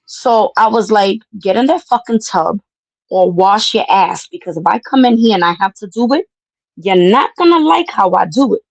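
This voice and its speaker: Woman host, loud and profane storyteller, mid pitch, dry close sound. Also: moderate pace, dry recording, poor audio. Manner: brash, profane, animated storyteller. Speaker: podcast host. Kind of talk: casual storytelling chat.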